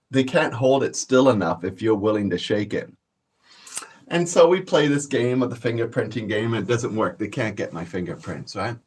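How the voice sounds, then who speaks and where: A man's voice: mid-range voice, breathy edge. A man, telling stories casually on his vlog in a profane, boastful, laid-back way. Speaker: cannabis vlogger. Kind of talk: casual storytelling.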